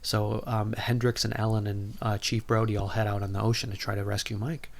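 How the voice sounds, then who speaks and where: Man, podcast host, low voice, casual rambling recap, lots of fillers, at home. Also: level tone, a little fast, a little hiss or hum. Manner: rambling, heavy use of filler words. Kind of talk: casual movie plot recap. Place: room at home.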